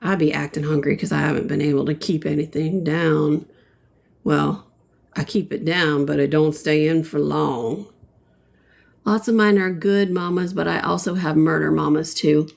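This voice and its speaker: This host's voice sits low, steady and a little mellow, with vocal fry, at a moderate pace. She paints on a livestream while chatting playfully and replying to viewers.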